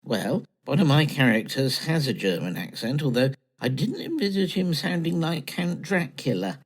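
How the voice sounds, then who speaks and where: Man, comedy co-host, slightly high voice, animated, dry and chatty. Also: moderate pace. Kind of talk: scripted comedy dialogue.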